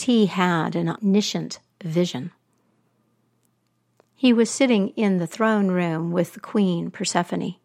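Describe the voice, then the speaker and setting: Expressive woman telling a myth. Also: fairly low pitch. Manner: expressive, animated storytelling. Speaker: storyteller. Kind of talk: oral storytelling of a myth.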